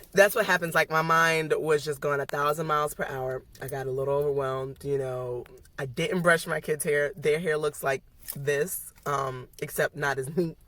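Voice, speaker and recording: A woman's voice: low-pitched, fairly bright tone. A young woman, a nursing student, talking to her phone camera in a car, chatty and talking herself through her nerves. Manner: chatty, self-talk, anxious then relieved. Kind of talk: casual vlog chat. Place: in a car, then a parking deck. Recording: noisy car recording. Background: car and road noise.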